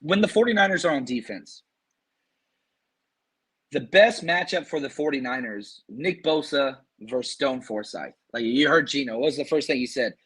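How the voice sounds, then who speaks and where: A man hosting a sports podcast, excitedly talking through matchups and reading fan comments, his voice strained from screaming. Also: mid-range voice, moderate pace, slightly rough. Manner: hyped, animated, reads fan super chats. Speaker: podcast host.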